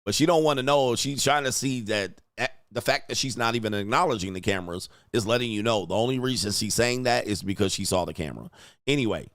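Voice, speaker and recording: A man's voice: mid-range voice, brisk, fairly bright tone, no echo. Man reacting to a clip, blunt, crude, laughing a lot, close dry mic. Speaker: streamer commentator.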